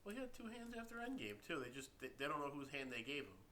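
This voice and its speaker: A man co-hosting a casual podcast chat about comics, talking in a low monotone to save his voice, blunt and wisecracking. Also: fast. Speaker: podcast co-host.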